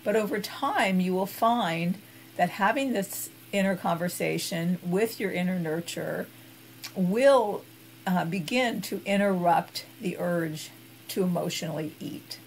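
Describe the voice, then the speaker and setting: A woman giving an instructional talk as an expert on emotional eating, guiding gently and unhurriedly with soft hesitations. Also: on the low side, unhurried, slight background noise, rough recording.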